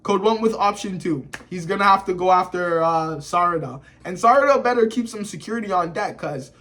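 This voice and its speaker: A reviewer talking through a manga chapter casually, in slangy, excitable and profane speech. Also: mid-range voice, fairly quick.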